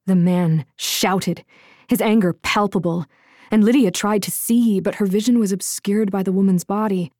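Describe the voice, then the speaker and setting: A woman narrating a fantasy audiobook in a measured, dramatic reading. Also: lowish voice, fairly even intonation, warm tone, dry recording, clean studio sound. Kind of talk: scripted narration.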